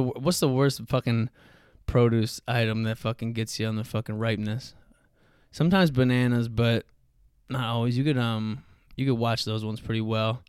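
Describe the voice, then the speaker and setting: A man's voice: mid-range voice, smooth, no room sound, studio quality. A man hosting a solo podcast, ranting in a profane, rambling way and saying dude and bro constantly. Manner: loud shouting rants. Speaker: podcast host. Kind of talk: solo comedic rant.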